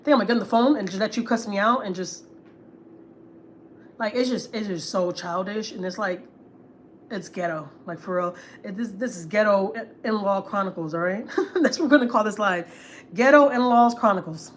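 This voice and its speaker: A woman's voice: mid-range voice, normal speed, slight background noise. A woman from Houston, Texas, venting on a casual family vlog livestream; she is blunt and profane and repeats herself for emphasis. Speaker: family vlogger host.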